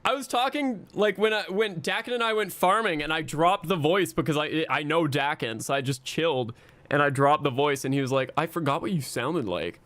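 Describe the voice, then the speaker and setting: A man's voice: a little high, a little fast, fairly bright tone, dry recording. A man streaming and chatting casually with his viewers, rambling and self-mocking, swearing often.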